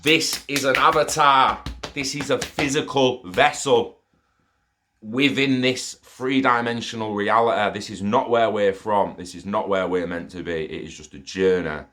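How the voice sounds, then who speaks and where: A man's voice: on the low side, a little slow. A young man telling a rambling personal story in a casual monologue, swearing often. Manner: profane, rambling and excitable. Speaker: storyteller sharing an experience.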